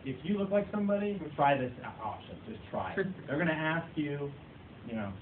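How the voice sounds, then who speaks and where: A man delivers a comic speech to a seated audience and pokes fun at himself as he tells his stories. His voice sits at an ordinary pitch. The recording is thin and distant, with room echo and steady noise behind it. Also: fairly quick. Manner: self-mocking storyteller, playful. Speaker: club speaker. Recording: tinny echoey far-off recording, noisy.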